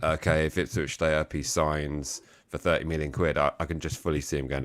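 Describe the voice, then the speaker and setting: A man's voice: extremely low pitch, flat delivery, normal speed, dry recording. A man on a football podcast panel, talking emphatically and repeating his points.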